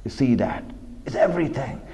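A man giving an impassioned sermon, swinging between loud pleading and hushed, quiet asides. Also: medium pitch, expressive, brisk. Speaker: preacher.

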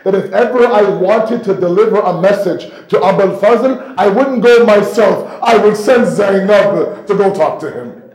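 A male preacher telling a sacred story in an emotional sermon, swinging between hushed tones and near-shouting. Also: high voice, measured pace, few pauses. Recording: roomy echo.

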